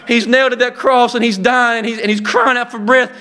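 A man preaching an impassioned sermon, fervent and full of repeated restarts, building up to shouts. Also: very high voice, level tone, a little fast.

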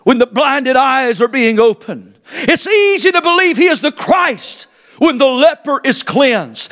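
High-voiced preacher, fervent. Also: male voice, big pitch swings, measured pace. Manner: impassioned, swinging between shouted emphasis and low quiet asides. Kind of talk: sermon. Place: church service before a congregation.

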